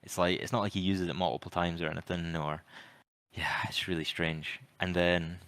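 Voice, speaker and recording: A man's voice: sits low, flat delivery, moderate pace, a bit bright, dry recording. A man co-hosting a podcast, giving wry, opinionated film opinions with dry sarcastic jokes. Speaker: podcast co-host. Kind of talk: casual film review chat.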